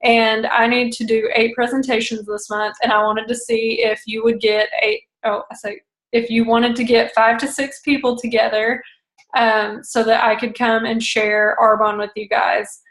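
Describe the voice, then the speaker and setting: Young woman, slightly high voice, chatty coaching talk, echoey room. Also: flat delivery, normal speed, fairly bright tone. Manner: chatty, acts out phone calls in quoted voices. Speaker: direct sales consultant coaching a team. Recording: roomy echo.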